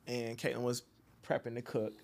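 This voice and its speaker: A man in his thirties telling a story in casual group chat, laughing often and acting out quotes loudly. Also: medium pitch, little pitch movement, normal speed, gravelly. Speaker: podcast co-host.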